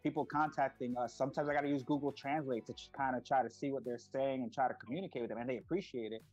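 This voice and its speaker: A man's voice: mid-range voice, fast, highs cut off, faint music behind. A middle-aged man, a parent behind a kids' video channel, telling stories in a casual interview with lots of fillers and acted-out voices. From United States. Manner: animated storyteller, acts out voices, many fillers.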